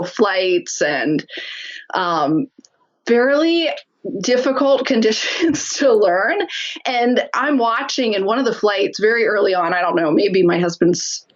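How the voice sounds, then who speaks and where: A woman's voice: lowish voice, lo-fi sound. A woman guest telling stories in a casual interview, laughing often and acting out what people said. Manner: lively, laughs often, acts out quotes. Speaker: podcast guest.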